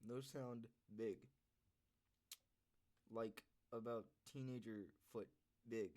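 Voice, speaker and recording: A man's voice: medium pitch, fairly even intonation, takes it slowly, pauses often, a little mellow. A man hosting a reaction video, talking casually, swearing and exclaiming as he watches. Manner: swears and exclaims in bursts, asks viewers questions. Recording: clear background noise.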